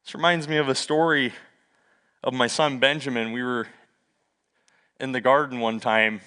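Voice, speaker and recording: Brief: middle-aged man, pastor, bright and sharp tone, animated sermon storyteller. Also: mid-range voice, normal speed, smooth. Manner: lively storytelling with asides and self-deprecating humor.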